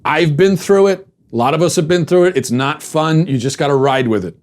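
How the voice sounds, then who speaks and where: A man's voice: fairly high pitch, brisk, darkish tone. A man hosting a commentary podcast, talking in a wry, sarcastic monologue with frequent restarts. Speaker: podcast host.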